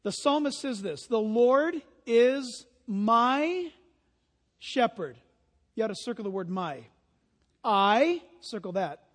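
A man preaching a sermon as pastor, telling stories with lively imitations of honking geese. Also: high voice, long reverb tail.

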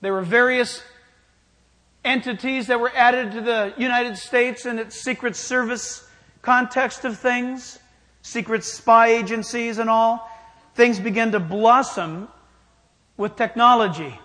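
A man's voice: very high voice, fairly even intonation, unhurried, sharp tone. A man preaching a sermon in an emphatic style, challenging his listeners directly. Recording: long hall reverb.

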